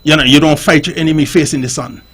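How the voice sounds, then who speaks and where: A man's voice: fairly high pitch, fairly even intonation, fast, a bit bright, slightly rough. A man talking on a call-in radio show. He explains his points like a teacher and keeps checking whether the listener understands.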